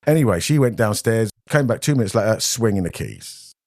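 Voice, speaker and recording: British male guest, low voice, close and dry, chatty rambling storyteller who mimics the voices of the people in his stories. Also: animated, brisk, a little mellow, no echo. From Britain. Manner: rambling anecdotes, often acting out quoted voices. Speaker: podcast guest. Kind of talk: casual storytelling.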